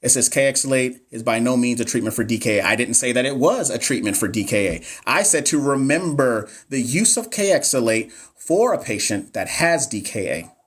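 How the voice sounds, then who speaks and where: A man running a live nursing exam review, chatty and animated, reading questions aloud and talking to viewers in the chat. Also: medium pitch, normal speed, husky. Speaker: NCLEX review coach.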